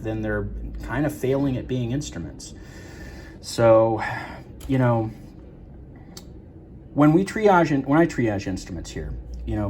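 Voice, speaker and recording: A man's voice: medium pitch, mellow, slight background noise. A man working as a guitar repair tech, explaining a repair in a casual, rambling way with many fillers and restarts.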